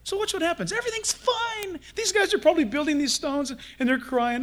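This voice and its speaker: A man preaching a sermon as pastor, animated, acting out the voices of the people he quotes. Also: very high voice, a little fast.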